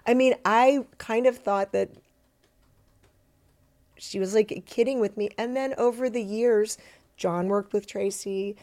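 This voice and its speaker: A middle-aged woman, an actor, chatting in an interview and telling stories in an animated, self-deprecating way with quick asides. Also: mid-range voice. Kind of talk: casual interview chat.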